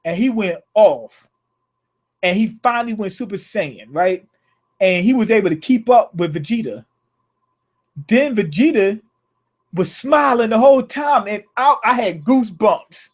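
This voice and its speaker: Guy with a kinda high voice rambling thru an anime review, slangy and loose. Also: expressive, unhurried. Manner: rambling, slangy, restarts thoughts. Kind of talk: casual video review.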